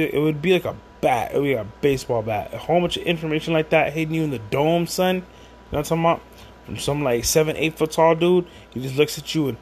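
A man's voice: fairly high pitch, a little hiss or hum. A man at home rambling through a casual monologue with many restarts and asides while he drinks.

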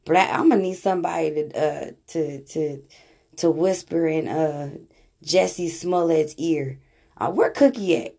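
A woman's voice: deep voice, unhurried, vocal fry, dark tone. A woman vlogger chatting casually and laughing as she reacts to clips from her timeline.

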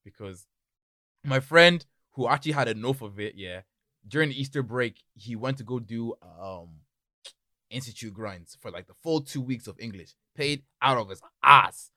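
A young man talks casually with friends, telling school stories in a bright, forceful voice. He drops to a mumble, then bursts out loud and laughing. The sound is dry and close. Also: mid-range voice, moderate pace, no echo. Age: young adult. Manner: animated storyteller, swings from mumbling to loud laughing outbursts. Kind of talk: casual chat.

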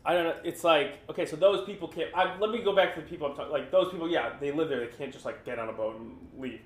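A man's voice: a little high, fast. A man co-hosting a podcast in casual chat, rambling and swearing as he goes. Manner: rambling, swearing, mock voices. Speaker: podcast co-host. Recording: echoey room.

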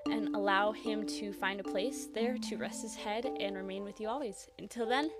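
A woman's voice: mid-range voice, normal speed, loud music behind the voice. A young woman hosting a casual faith podcast, talking in a bubbly, effusive way with plenty of "like"s and gushing praise. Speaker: podcast host.

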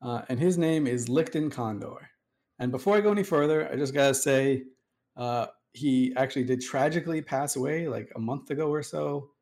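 A man with a mid-range voice telling a long story in relaxed conversation. He rambles and digresses as he goes. His pitch and energy are ordinary. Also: moderate pace. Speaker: host. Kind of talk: casual storytelling chat.

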